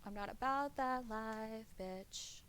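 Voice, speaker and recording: Brash, bright-voiced woman streamer. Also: a little high, takes it slowly, a little hiss or hum. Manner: brash, swears freely, chatty with viewers. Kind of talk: casual gaming stream chat.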